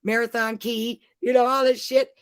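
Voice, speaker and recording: A woman's voice: fairly high pitch, flat delivery, normal speed, clean tone, no room sound. A middle-aged woman, a mother, telling rambling, profane travel stories in casual chat.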